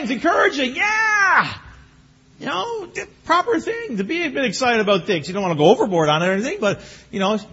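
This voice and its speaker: Male pastor, middle-aged, high husky voice, animated sermon delivery, dull lo-fi recording. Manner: animated, bursts into excited exclamations. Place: church sanctuary. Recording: muffled lo-fi recording.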